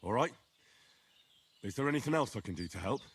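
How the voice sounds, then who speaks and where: A man's voice: medium pitch, expressive, a little fast, slight background noise, close to an everyday voice. An actor voicing an earnest young man in a video game who offers to help and asks what else he can do. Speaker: player character in a video game.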